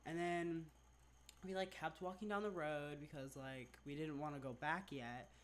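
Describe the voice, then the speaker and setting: A vlogger telling a story in casual storytime-vlog chat, rambling and animated, packing in "like" constantly. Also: medium pitch, normal speed, a little hiss or hum. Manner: rambling, filler-heavy, says "like" constantly; chatty, animated retelling.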